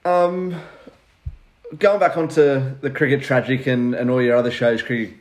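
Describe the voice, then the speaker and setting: A man's voice: medium pitch, steady tone, moderate pace. A young man hosting a casual interview, asking questions hesitantly with many fillers and restarts. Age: young adult. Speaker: host.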